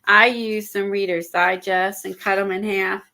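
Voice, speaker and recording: A woman chatting casually on an art livestream, a little out of breath and stuffy, rambling with halting fillers and restarts. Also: mid-range voice, little pitch movement, sharp tone. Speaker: guest showing art supplies.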